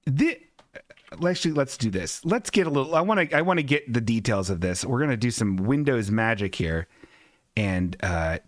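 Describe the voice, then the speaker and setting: A man's voice: medium pitch, dry recording, studio quality. A man hosting a comedy show, riffing on pictures with lots of giggling asides. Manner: animated, giggly, riffing on images. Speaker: podcast host. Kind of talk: casual comedic commentary.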